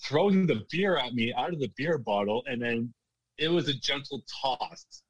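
A man's voice: mid-range voice, expressive, moderate pace, slightly rough, no echo, rough recording. A man working as a bartender, telling stories casually in an interview, laughing often and restarting his sentences. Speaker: guest, former casino bartender.

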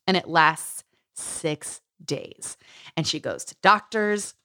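A woman's voice: low voice, lively intonation, takes it slowly, sharp tone, no room sound, clean studio sound. A woman co-hosting a podcast, recapping a memoir in a chatty way with lots of "like" and frequent laughs. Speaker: podcast co-host. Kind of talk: casual book chat.

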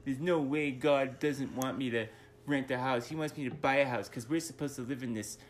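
A man's voice: medium pitch, steady tone, brisk, slight background noise, natural voice. A man with a Boston accent mimicking a gushing, devout woman in an exaggerated, mock-pious way.

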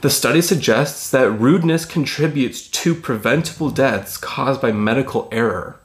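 A man's voice: mid-range voice, normal speed, echoey room. A man co-hosting a podcast in casual chat, reading out study findings and swearing casually. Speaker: podcast co-host.

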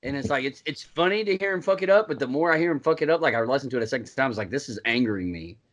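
A man co-hosting a podcast, chatting casually with a friend. His voice is bright and forceful. He tells stories with laughter and loud reenacted shouts, and he swears freely. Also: mid-range voice, expressive, rapid-fire. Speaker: podcast co-host. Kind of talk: casual chat.

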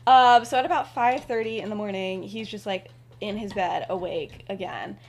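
A woman's voice: moderate pace, slight background noise. Chatty woman retelling a story. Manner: rambling, full of "like" and "um" fillers; drops into soft, low asides. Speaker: podcast co-host retelling a fan story. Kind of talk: casual spoken storytelling.

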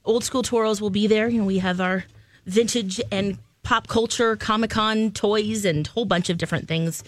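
A woman's voice: mid-range voice, fairly even intonation, normal speed, dry recording. A woman co-hosting a morning radio talk show, chatty and upbeat. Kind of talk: casual radio banter. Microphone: studio microphone.

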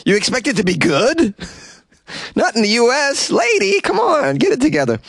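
A man's voice: very high voice, huge pitch swings, moderate pace, creaky, fairly bright tone, no echo. A man hosting a comedy news podcast, reading stories and breaking in with sarcastic, mock-outraged jokes and frequent laughs. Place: small closet.

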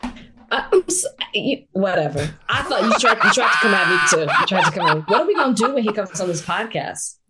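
A woman co-hosting a podcast in casual banter, playful and quick to laugh. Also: medium pitch, very animated, heavy background noise. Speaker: podcast co-host.

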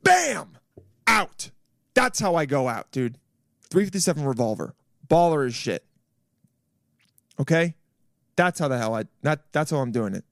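Crude, animated young man ranting. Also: fairly high pitch, moderate pace, pauses often, no echo, studio quality. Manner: crude, animated, acts out voices. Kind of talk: comedic rant. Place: home, roommate in next room.

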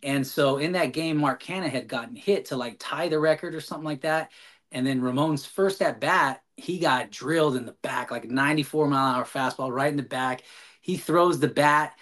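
A man with a somewhat raised voice spins a loose, animated story as a podcast guest. He talks casually, stacking fillers and restarting his sentences as he goes. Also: a little high, moderate pace.

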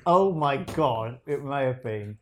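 A man's voice: mid-range voice, expressive, slow, a bit bright, a little hiss or hum. A man telling a story in a casual chat with a friend, rambling with restarts.

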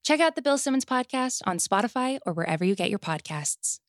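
Woman reading a smooth podcast ad. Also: a little high, expressive, brisk, no echo, studio quality. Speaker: ad announcer. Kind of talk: scripted podcast ad read.

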